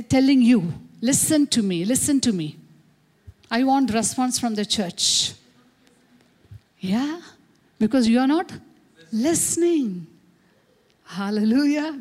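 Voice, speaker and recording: Woman pastor, slow and emphatic sermon delivery with call-and-response, slightly high voice. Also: darkish tone. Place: church service.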